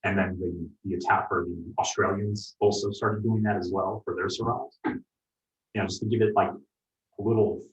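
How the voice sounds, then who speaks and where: A sommelier host in casual wine tasting chat, explaining at length with many fillers and restarts. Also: male voice, lowish voice, steady tone, normal speed. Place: room in a home. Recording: echoey room, distant dull mic.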